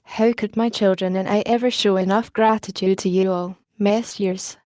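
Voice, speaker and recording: A weary, dignified elderly French countess speaks low and musically in this audiobook, as a woman narrator voices her. The tone is dark and mellow. The recording is close and dry. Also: steady tone, moderate pace, no echo, close to an everyday voice. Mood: grateful. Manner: strong foreign accent, low musical voice.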